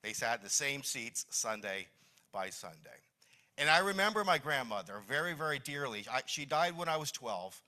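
A man's voice: mid-range voice, sing-song, normal speed, sharp tone. A middle-aged man from New Jersey giving a reminiscing Mother's Day talk in a church hall, with many restarts. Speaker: church speaker.

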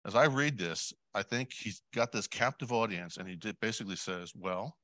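A man with a lowish voice delivers a sermon in a loose, conversational way. He breaks off for asides and questions to his listeners and clears his throat now and then. The sound is dry and close, with no room around it. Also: lively intonation, brisk, bright, forceful tone, no room sound. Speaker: lay preacher.

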